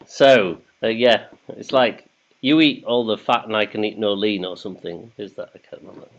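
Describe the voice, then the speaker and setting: A man's voice: on the low side, steady tone, moderate pace. A man hosting a casual quiz, chatty and jokey, reading questions in English and then in German. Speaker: quiz host. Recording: dull lo-fi sound.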